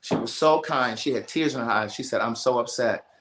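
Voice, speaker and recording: A man hosts a casual livestream and tells a story in an animated, emphatic way, circling back and repeating himself as he goes. His voice sits at an ordinary pitch and carries a noticeable roomy echo. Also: a little fast, noisy background. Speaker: livestream host.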